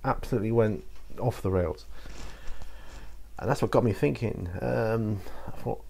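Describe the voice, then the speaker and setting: A man hosting his channel answers viewer questions in a casual solo chat to camera. He speaks unhurriedly in a lowish, gravelly, mellow and slightly rough voice, rambling hesitantly with many fillers and restarts.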